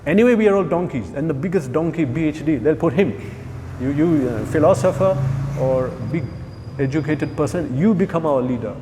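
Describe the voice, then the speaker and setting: A man giving an animated scripture class, asking his listeners questions and joking with them. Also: fairly high pitch, brisk, in a large hall, background noise. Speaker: spiritual teacher.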